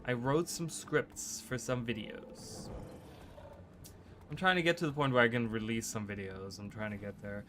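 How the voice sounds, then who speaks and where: A man streaming live gameplay who chats fast and rambles, often restarting his sentences. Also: medium pitch, fairly even intonation, a bit bright, a little hiss or hum. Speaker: gaming streamer.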